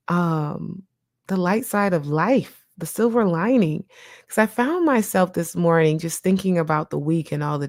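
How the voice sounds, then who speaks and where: A woman hosting a casual podcast as a therapist, animated and encouraging, acting out her own inner voice as she talks. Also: lowish voice, no echo, studio quality. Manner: encouraging, direct advice to listeners. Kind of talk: casual motivational podcast talk.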